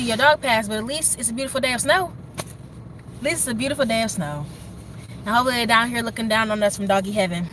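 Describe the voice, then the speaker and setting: A young woman rambles happily to her livestream chat in a bright, forceful, slightly high voice. She is standing outside in the snow and talking into her phone while faint outdoor noise hums behind her. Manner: excited, rambling, talks straight to chat. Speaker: livestream host.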